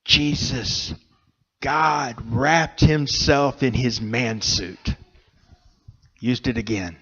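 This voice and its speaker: A man preaching a sermon in a church, speaking slowly and earnestly with pauses between phrases. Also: medium pitch, steady tone, a bit bright, husky, dull audio. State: emotional, choked up. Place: church sanctuary.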